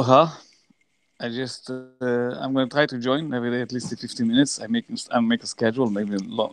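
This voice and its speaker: A man, a rabbi, telling a story to an online class over a video call, his voice jumping high when he quotes others. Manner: animated, voice jumps high when quoting others.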